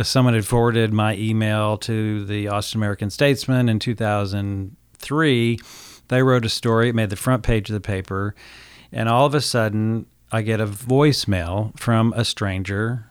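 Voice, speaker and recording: A man's voice: lowish voice, steady tone, moderate pace, clean tone, no room sound. A man appearing as a guest author on a radio show, telling a story earnestly with many fillers, on a studio microphone. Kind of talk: radio interview.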